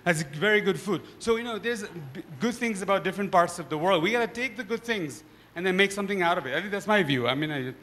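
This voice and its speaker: A man speaking on a discussion panel, an animated storyteller who often tags his points with "right?". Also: high voice, fast, long reverb tail, slight background noise. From Nepal.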